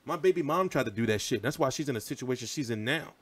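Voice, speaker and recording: With a husky, medium-pitched voice, this boxing livestream host talks fast. In his thirties, he rambles through viewers' comments in loose, profane, animated chat.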